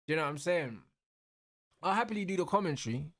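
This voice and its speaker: A young man, commentating live on a fight for his stream in an excitable, slangy way, yelling at the referee. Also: a little high, quick pace, dry recording, clean studio sound.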